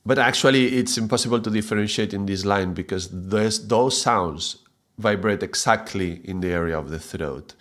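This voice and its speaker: A man teaching a mantra chanting lesson, patiently explaining sounds and chanting drawn-out syllables. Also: lowish voice, a bit bright.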